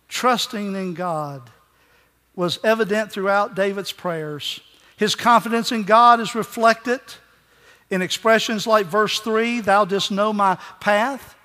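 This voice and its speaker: A man preaching a sermon with passion, repeating phrases for emphasis and swinging between loud calls and soft words. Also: sits high. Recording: long reverb of a large hall.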